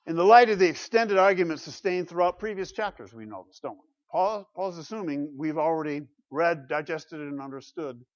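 A man preaching a sermon with dramatic rhetorical questions, swinging from loud to quiet. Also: on the high side, expressive, moderate pace, hardly any pauses. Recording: dull lo-fi recording.

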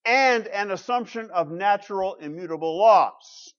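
A man's voice: high-pitched, a little slow, fairly bright tone. A middle-aged man preaching a sermon as pastor, emphatic, asking the congregation rhetorical questions. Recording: dull lo-fi sound.

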